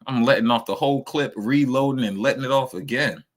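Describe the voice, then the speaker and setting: A man's voice: medium pitch, fairly quick. A man streaming casual reaction commentary, ranting emphatically and swearing a lot.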